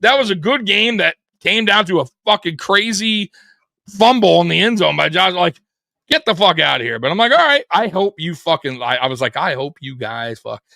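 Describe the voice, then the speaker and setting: A man's voice: sits high, very animated, moderate pace, gravelly, sharp tone, no room sound, studio quality. A man co-hosting a live sports show, talking casually, profane and rambling.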